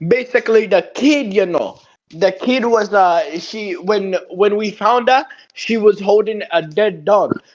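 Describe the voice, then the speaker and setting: Male tabletop player, slightly high voice, rambling, filler-heavy, dull dry lo-fi audio. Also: unhurried. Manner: rambling, repeats himself, frequent fillers. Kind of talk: casual game table chat.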